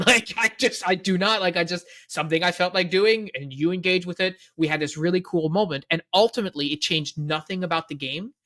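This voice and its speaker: A man with a Canadian accent, co-hosting a casual podcast and telling stories in a rambling, animated way full of fillers. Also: high voice, fairly quick, hardly any pauses. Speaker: co-host, game organizer.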